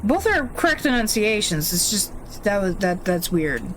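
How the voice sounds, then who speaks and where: A woman's voice: medium pitch, very animated, normal speed, a bit bright, slight background noise. A woman streaming a video game, commenting casually in a blunt, opinionated way with plenty of swearing.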